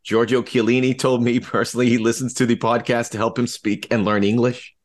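A man's voice: mid-range voice, level tone, brisk. A man co-hosting a casual sports podcast, upbeat and joking, with frequent fillers. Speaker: podcast co-host.

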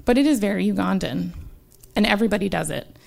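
On a small live-show stage before an audience, an American woman who is a doctor tells a first-person personal story. Her medium-pitched voice has a gravelly edge and a quick pace, and she's earnest and conversational, using many "um" and "like" fillers.

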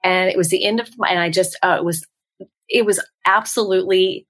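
A woman's voice: lowish voice, fairly quick. A woman from the San Francisco Bay Area, a ghost tour guide, telling stories in a casual podcast chat and acting out the voices she quotes. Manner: animated storyteller, acts out quoted voices.

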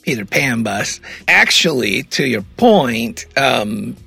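A man hosting a casual podcast, reading out story details and reacting in animated chat. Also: medium pitch, slow pace, gravelly, slightly rough, soft background music. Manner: reads out news details, animated. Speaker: podcast host.

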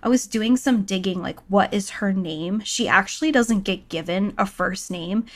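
A woman's voice: mid-range voice, moderate pace. A woman co-hosting a casual book-discussion podcast, musing wryly with many asides. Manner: musing, wry, lots of "like" and "right?". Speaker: podcast co-host.

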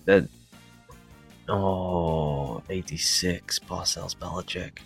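A man co-hosting a podcast, answering quiz questions and thinking out loud in an animated way. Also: sits low, extremely slow, gravelly, soft background music. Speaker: podcast co-host. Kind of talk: casual podcast game show.

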